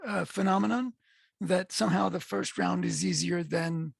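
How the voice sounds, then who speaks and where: A man hosting a podcast interview, asking long, rambling questions with halting restarts. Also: high voice, vocal fry, breathy edge, dry recording, clean studio sound. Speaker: podcast host. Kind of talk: casual interview.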